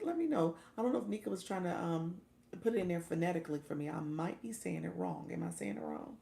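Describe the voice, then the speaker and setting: Woman livestream coach, low gravelly voice, chatty and laugh-prone, echoey room. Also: lively intonation, quick pace, mellow. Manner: chatty, laughs often, thanks viewers by name. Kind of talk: casual livestream talk, reading chat.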